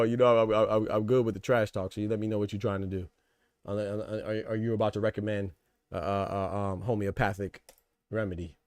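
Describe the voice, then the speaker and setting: Fast-talking stuffed-up male podcast host. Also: fairly low pitch, a little mellow, clean tone, no room sound. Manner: rambling, repeats words, talks to chat. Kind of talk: casual boxing podcast chat.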